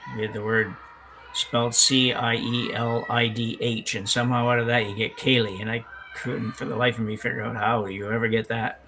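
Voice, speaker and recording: A man calling a curling game with relaxed, rambling chat, often correcting himself. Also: medium pitch, moderate pace, noisy background. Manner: chatty, rambling, self-correcting. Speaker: curling commentator. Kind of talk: live sports commentary, casual chat. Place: curling club, indoors.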